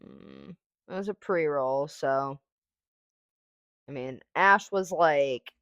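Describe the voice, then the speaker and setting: A woman's voice: low-pitched, takes it slowly, fairly bright tone, no room sound, lo-fi sound. A woman hosting a casual solo podcast, rambling and thinking aloud with lots of fillers, swearing and sing-song noises as she reviews a product. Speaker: podcast host reviewing cannabis.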